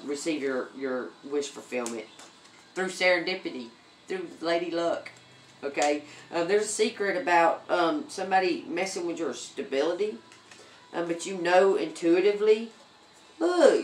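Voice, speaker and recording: A woman's voice: lowish voice, reverberant, slight background noise. A woman giving a casual tarot reading, chatty, with many ums and repeated okays. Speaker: tarot reader.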